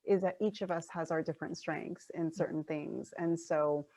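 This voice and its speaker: A woman hosts a casual interview, encouraging her guest and affirming what she hears. Her voice sits a little low. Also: fairly even intonation, moderate pace, dark tone. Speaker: interview host, coach.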